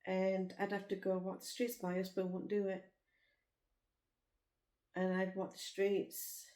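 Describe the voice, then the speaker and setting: This Liverpool vlogger has a mid-range, dark-toned voice with a completely flat delivery and a measured pace. In casual chat, she rambles frankly through stories from her life in her Liverpool accent. There's a roomy echo on the recording.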